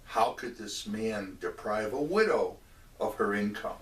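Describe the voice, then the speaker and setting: A man telling a religious story in a measured way, stopping for asides to the listener. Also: on the low side, lively intonation, fairly bright tone. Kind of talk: oral storytelling of a religious tale. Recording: roomy echo, mic at a distance.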